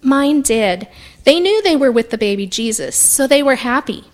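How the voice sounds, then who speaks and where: A woman voicing an eager, polite seven-year-old boy in a storybook reading, high and pleading. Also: animated, normal speed. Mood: earnest.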